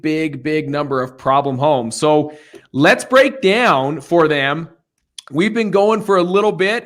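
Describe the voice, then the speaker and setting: A man's voice: on the high side, a bit bright. Upbeat man hosting a live coaching stream. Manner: upbeat, joking, encouraging. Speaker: host of a live real estate Q&A.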